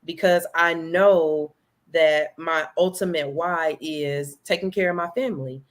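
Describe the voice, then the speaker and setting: A woman guest entrepreneur in a casual live interview, talking in an animated way, addressing listeners as y'all. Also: sits low, unhurried. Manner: animated, repeats "you know" and "right?", speaks to the audience as "y'all". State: throat catching, coughing.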